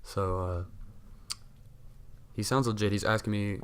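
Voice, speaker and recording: A young man with a lowish voice tells a story on a casual podcast, worked up and swearing freely. He acts out the other people's lines as he goes. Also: flat delivery, moderate pace, clean tone. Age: young adult. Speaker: podcast co-host. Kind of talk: casual chat.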